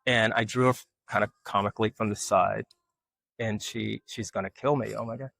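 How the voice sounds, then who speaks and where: A man tells family stories in an interview and acts out the voices in them. His voice is low and gravelly, and the sound is dry and close. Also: normal speed, no echo. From Alabama, US. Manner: animated storyteller, acts out quoted voices. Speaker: guest, artist. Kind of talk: casual storytelling interview.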